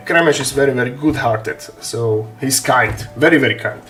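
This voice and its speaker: Man, mid-pitched, animated casual storyteller, faint music underneath. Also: a little fast, few pauses. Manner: animated, swearing, laughs often while telling. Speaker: streamer telling a story. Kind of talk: casual storytelling on a live stream. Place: home hobby room.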